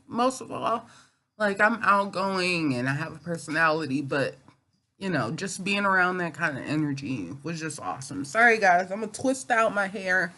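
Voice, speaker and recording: Woman vlogger, casual storytime chat, bright tone, unhurried, rambling. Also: on the low side. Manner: rambling, halting, with many fillers and restarts.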